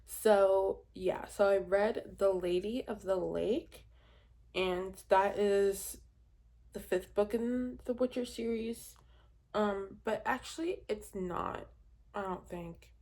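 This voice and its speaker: Young woman book vlogger, unhurried, rambling, laughs often, easily exasperated. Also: medium pitch, a little mellow. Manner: rambling, many fillers and laughs. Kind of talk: casual reading wrap-up chat.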